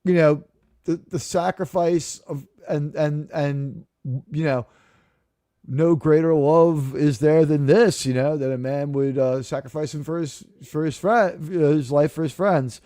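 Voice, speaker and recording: Host, male, higher voice, rambling and jokey, dry close sound. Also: fairly even intonation, measured pace, warm tone, dry recording. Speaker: podcast host. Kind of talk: casual live review chat.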